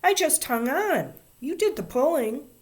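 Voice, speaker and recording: A spirited little girl with a shrill, insistent voice that jumps high and loud above the reader's own, as a woman reading a storybook puts her on. She sounds bold and determined, pushing every word. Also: sing-song, a little slow. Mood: indignant.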